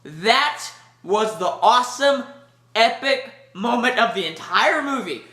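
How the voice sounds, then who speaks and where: Hyped guy rambling about a movie, high bright voice, echoey room. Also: animated, takes it slowly. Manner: gushing, rambling, lots of fillers and restarts. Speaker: movie reviewer. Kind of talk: excited casual movie review.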